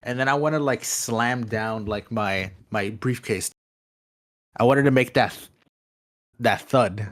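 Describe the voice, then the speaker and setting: A man's voice: medium pitch, slow pace, pauses often. Laid-back man telling dry comedy stories. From Los Angeles. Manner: laid-back, deadpan storytelling with hesitant restarts. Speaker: podcast co-host. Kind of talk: improvised comedy chat.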